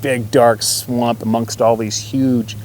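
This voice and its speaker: A man's voice: medium pitch, level tone, slow pace, a little mellow, a little hiss or hum. A man telling a hunting story in a rambling, folksy way, swearing casually and chuckling often. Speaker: hunter.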